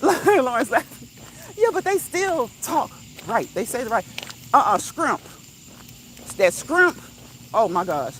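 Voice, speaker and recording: On a casual live stream she hosts while walking outside, a woman speaks in a fairly high pitch, laughing frequently and reading comments from viewers aloud. The audio quality is poor, with a little background noise.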